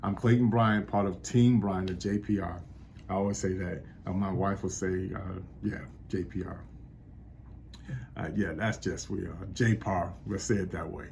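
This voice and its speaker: Man from New York, low voice, motivational vlog pep talk, preacher-like cadence, faint noise in the background. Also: fairly even intonation, moderate pace, gravelly, a little mellow. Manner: encouraging, preacher-like exhortation. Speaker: real estate agent vlogger.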